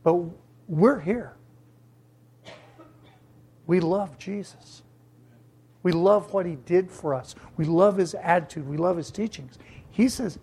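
A preacher delivering a sermon with emphasis, repeating key words for stress and acting out the voices of others with sudden jumps in pitch. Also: slow pace, pauses often, mellow, husky.

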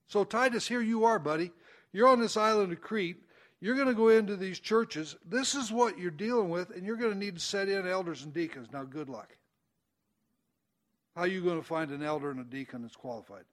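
Preacher, male, high-pitched, casual Bible-study delivery, leans into quoted verses. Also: fairly quick, a bit bright. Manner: conversational, folksy, rising emphasis on quoted verses. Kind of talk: informal Bible teaching.

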